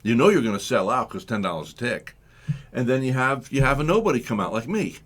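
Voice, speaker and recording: A man's voice: mid-range voice, fairly quick. A man hosting a live comedy talk radio show, joking and acting out little scenes. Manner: animated, jokey, acts out voices, laughs often. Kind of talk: comic radio banter.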